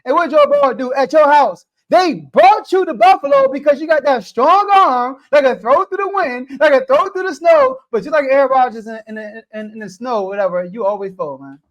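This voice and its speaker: A man from the United States who hosts a sports podcast. He debates in an animated, casual way, throws out rhetorical questions and speaks directly to the athletes. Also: very high-pitched, normal speed, few pauses, muffled recording. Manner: animated, rhetorical, talks straight to the players.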